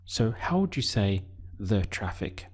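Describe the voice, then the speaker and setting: A man teaching a Spanish lesson, speaking deliberately and pausing so the learner can answer. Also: fairly low pitch, very animated, a little mellow, slightly rough. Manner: slow, deliberate teaching with pauses for learner practice. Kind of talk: video language lesson.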